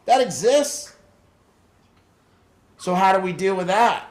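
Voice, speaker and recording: A man leads a support group for the families of addicts, talking bluntly and swearing freely as he acts out little scenes. His voice sits slightly high. The room around him rings with echo. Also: expressive, takes it slowly. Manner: blunt, profane storytelling with voiced impressions. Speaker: addiction program leader.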